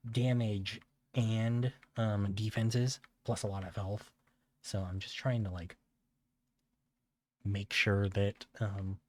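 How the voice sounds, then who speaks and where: A man streaming a video game, talking in a laid-back, halting way with many fillers. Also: lowish voice, darkish tone. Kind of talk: casual gameplay commentary.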